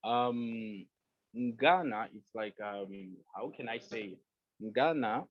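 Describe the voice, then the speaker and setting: A man's voice: fairly low pitch, takes it slowly, dull audio, a little hiss or hum. A man from Zambia with a Zambian accent, teaching an online language class, patiently repeating phrases and checking in with "okay?".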